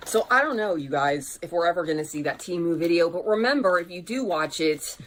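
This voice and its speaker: A woman's voice: lowish voice, lively intonation, brisk, fairly bright tone. A woman vlogger telling candid dating stories in a casual, conversational storytime way. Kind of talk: chatty storytime vlog.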